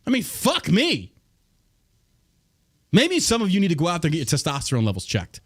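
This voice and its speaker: A man's voice: high-pitched, wildly swooping pitch, fairly quick, fairly bright tone, husky. A man hosting a podcast, ranting in a profane, combative way. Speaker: podcast host. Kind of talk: casual podcast rant.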